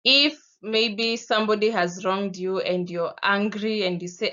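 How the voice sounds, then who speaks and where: A woman with a Kenyan accent teaches a lesson at an unhurried, deliberate pace, pausing to pose questions and give examples. Her voice sits in a middle pitch, and the recording sounds somewhat dull and lo-fi. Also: bright, forceful tone. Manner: slow, patient, explaining with spoken examples.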